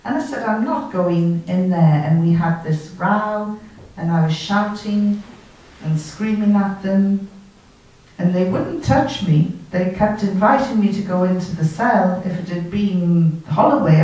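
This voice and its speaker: A woman giving a storytelling talk, recalling events and acting out the dialogue in a lively way. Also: lowish voice, a little slow. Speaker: guest speaker. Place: lecture hall. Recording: far from the mic, very echoey hall.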